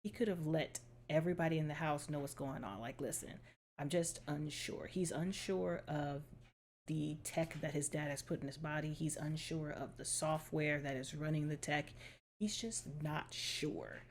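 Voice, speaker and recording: A woman's voice: sits low, fairly even intonation, normal speed, a little hiss or hum. A woman hosting a reaction video, talking casually and bluntly with lots of exasperation and swearing.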